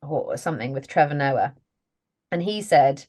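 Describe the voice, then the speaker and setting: Woman, low voice, chatty interview guest, self-deprecating, laughs often. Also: expressive, normal speed, a little mellow. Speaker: voice actress, guest. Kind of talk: casual interview chat.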